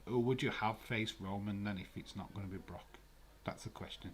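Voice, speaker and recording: A man's voice: on the low side, brisk, slight background noise. A man hosting a casual live watch-along stream, chatting loosely, swearing and laughing as he answers viewer comments.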